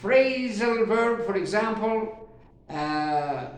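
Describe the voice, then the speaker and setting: A man teaching a grammar lesson who talks haltingly with many fillers and repeats himself, drawing out his example sentences slowly. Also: high-pitched, animated. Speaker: English teacher. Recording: very echoey room.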